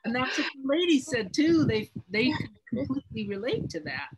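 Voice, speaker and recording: A woman's voice: high-pitched, lively intonation, a little fast, low-quality recording. A woman teaching a Bible study class in an earnest, emphatic way, often repeating her words.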